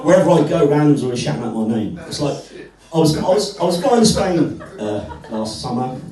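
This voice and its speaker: A man's voice: a little high, expressive, fairly quick. A man performing stand-up comedy in a club, telling stories in a wry, self-deprecating way and chatting with the crowd. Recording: echoey club, far from mic, crowd.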